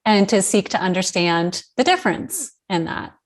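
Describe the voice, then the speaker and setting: A woman's voice: mid-range voice, lively intonation, normal speed. A woman hosting a podcast, who speaks in a reflective and thoughtful way during a casual interview. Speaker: podcast host.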